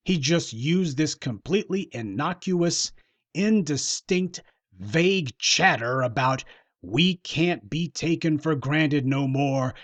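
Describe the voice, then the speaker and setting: A man delivers a solo commentary monologue in a fairly high voice, scornful and lecturing throughout. The sound is close and dry, with no room around him. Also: dry recording. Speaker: political commentator.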